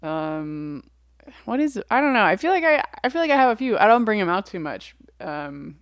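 A woman co-hosts a podcast in relaxed conversation, her voice at a middling pitch for a woman. She talks in a hesitant, thinking-aloud way, padding her sentences with "like" and restarts. The recording is dry and close, with no room sound. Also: moderate pace, no room sound. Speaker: podcast co-host. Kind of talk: casual podcast chat.

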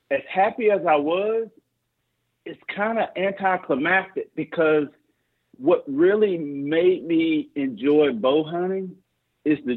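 A man in his forties, a podcast guest telling a hunting story over the phone, excited and stumbling over restarts. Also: husky. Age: 40s. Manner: excited, stammering restarts, voice climbing high when emotional. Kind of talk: casual storytelling. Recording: tinny phone line.

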